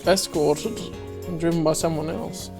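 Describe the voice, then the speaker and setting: A woman's voice: deep voice, steady tone, unhurried, vocal fry, music in the background. A woman hosting a casual game playthrough, reading along and commenting in an amused way. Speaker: gaming host.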